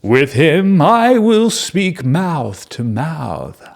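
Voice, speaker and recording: A man voicing a petulant, dramatic male god who is quick to anger, speaking slowly and grandly, then turning whiny and sulky. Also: a little high, big pitch swings, creaky, pitched above the performer's own voice, full character voice. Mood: solemn.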